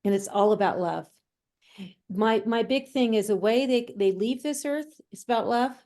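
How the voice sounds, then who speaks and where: A woman who works as a medium and healer, a guest in an interview, telling stories in a lively way and acting out the voices she quotes. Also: a little high, moderate pace. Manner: animated storyteller who acts out quoted voices. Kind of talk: conversational storytelling.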